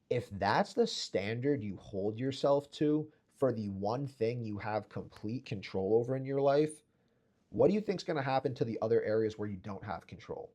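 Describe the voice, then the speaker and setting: A man's voice: medium pitch, animated, normal speed, mellow, muffled recording. A young man delivering an intense motivational monologue to camera, preachy and repetitive, mocking imagined people in sarcastic voices. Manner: intense, preachy, repeats phrases for emphasis. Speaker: fitness vlogger.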